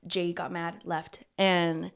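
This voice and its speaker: A young woman co-hosting a podcast, casually retelling a horror movie plot with lively acted-out lines and casual swearing. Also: fairly low pitch, takes it slowly, gravelly, clean tone. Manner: animated storytelling, acting out lines, swears casually. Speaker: podcast co-host.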